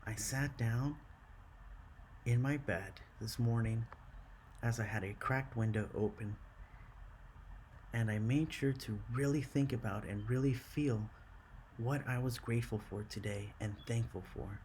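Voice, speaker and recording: A man teaching a classroom lesson, slow and encouraging, counting syllables aloud. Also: mid-range voice, darkish tone, a little hiss or hum.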